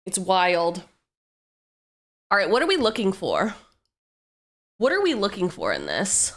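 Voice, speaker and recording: A woman's voice: mid-range voice, wildly swooping pitch, unhurried. A woman streamer chatting casually and joking as she opens card packs on a livestream. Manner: playful, jokey asides, sings snatches of song.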